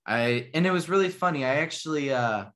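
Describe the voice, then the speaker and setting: A man's voice: fairly high pitch, expressive, a little fast, a bit bright. A man telling a story in casual chat, rambling and correcting himself, laughing at his own tale.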